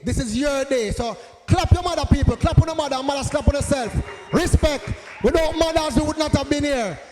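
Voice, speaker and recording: A man with a Jamaican accent, a reggae deejay hyping up the audience in a shouted, rhythmic toasting style. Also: very high-pitched, a little fast, background noise. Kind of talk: hyping a crowd before a song. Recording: echoey, loud music behind.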